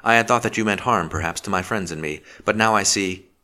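A man's voice: on the low side, a little fast, bright, forceful tone. A man reading the part of a shrewd, determined young woman who speaks earnestly and sharply.

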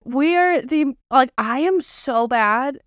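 Brief: twenties woman co-host, brightish higher pitch, casual, storytelling, dry close sound. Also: lively intonation, slow, smooth, no room sound. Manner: chatty storyteller, laughs often, casual swearing. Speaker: podcast co-host. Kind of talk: casual chat.

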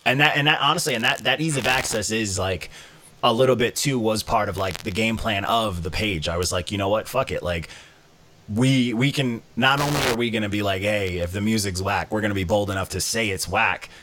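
A man co-hosting a music review podcast, talking brash and profane, telling stories with animated bursts. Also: lowish voice, a little fast, slight background noise. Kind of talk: casual podcast chat.

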